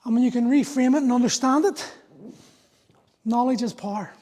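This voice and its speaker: A man's voice: very high-pitched, moderate pace, warm tone. A man in his forties, a fitness coach talking through a live workout, explaining and motivating in an earnest way. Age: 40s.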